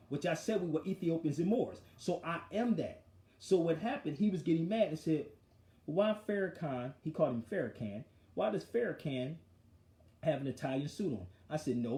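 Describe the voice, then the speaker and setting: A man hosting a talk show, telling the story of an argument in a forceful, animated way. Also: a little high, a little fast, reverberant. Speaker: show host. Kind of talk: casual street talk storytelling.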